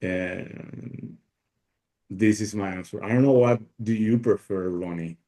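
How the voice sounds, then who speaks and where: A man from Paraguay talks over a video call in a Paraguayan Spanish accent, Spanish being his first language. His voice sits a little low and sounds mellow. He speaks haltingly, restarting phrases and filling gaps, and laughs often. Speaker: guest speaker. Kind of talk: casual video call chat.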